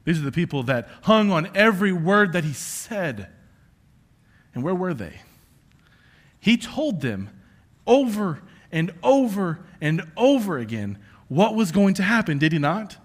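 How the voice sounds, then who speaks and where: A man preaching a sermon, passionate and conversational, who swings from yelling out prayers to hushed near-whispers. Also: sits high, big pitch swings, a little slow. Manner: self-confessed yeller, passionate and conversational. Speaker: pastor.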